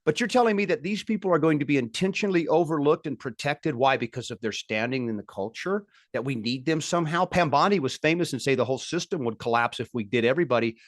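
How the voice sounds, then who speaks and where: A man hosts a political commentary show in a dry, close-miked monologue. His voice sits in an ordinary middle pitch. He piles up indignant points in emphatic, rising bursts. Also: lively intonation, fast, hardly any pauses, no room sound.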